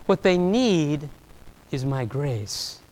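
A preacher voicing God, gently questioning. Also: male voice, sits high, measured pace, clear, resonant tone. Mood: gentle. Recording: long reverb of a large hall.

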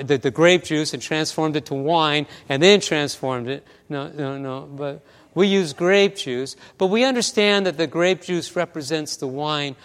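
Male pastor preaching, keeps stumbling on "and, and", smooth clear voice, big echoey church. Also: fairly high pitch. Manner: storytelling with many restarts and stammers. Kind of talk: sermon.

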